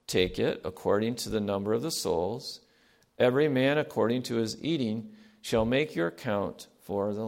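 A middle-aged man preaching a sermon in an earnest, emphatic way, repeating key phrases, asking the congregation to fill in words, and swinging between loud and soft. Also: mid-range voice. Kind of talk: sermon with call-and-response.

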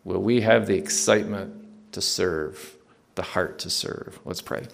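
A man preaching in a low, gravelly voice. He speaks slowly and deliberately, building rising appeals to his congregation before easing into a quiet prayer. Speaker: pastor. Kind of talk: sermon closing in prayer.

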